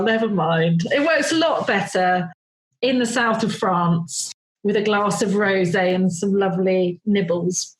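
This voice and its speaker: A woman with a voice on the high side hosts a podcast interview, chatting casually and rambling with plenty of fillers and frequent laughter. The recording is rough.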